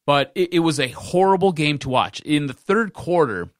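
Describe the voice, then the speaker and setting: A man's voice: a little high, expressive, normal speed, dry recording, studio quality. A man hosting a sports podcast, ranting in casual talk and repeating himself for emphasis.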